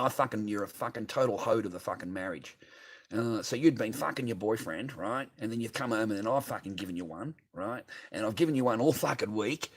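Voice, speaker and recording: Brief: middle-aged Australian man, lowish voice, cursing and bitter, repeating himself in a long rant. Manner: profane, repetitive, bitter. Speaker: streamer. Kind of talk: ranting monologue.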